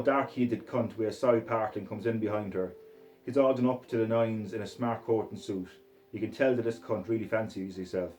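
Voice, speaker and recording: A man reading a story aloud in the first person, putting on a Scottish accent and talking in a rough, swaggering way. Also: fairly low pitch, dark tone. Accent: put-on Scottish accent. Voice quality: rough, profane, swaggering narration in character. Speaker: reader of a short story.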